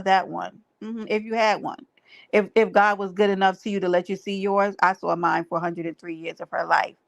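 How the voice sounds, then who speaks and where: A woman livestreamer with a gravelly, medium-pitched voice talks casually to her chat, pressing her points in a preachy, emphatic way and repeating phrases.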